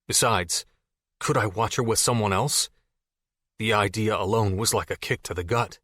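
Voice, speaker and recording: A man narrating a fantasy audiobook in the first person, steady and measured. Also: fairly low pitch, no echo, clean studio sound.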